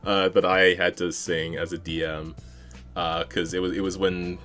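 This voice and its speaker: Deep-voiced, relaxed podcast man. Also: normal speed, faint music behind. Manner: relaxed, thoughtful, explanatory. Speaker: podcast co-host and game master. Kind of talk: casual podcast chat.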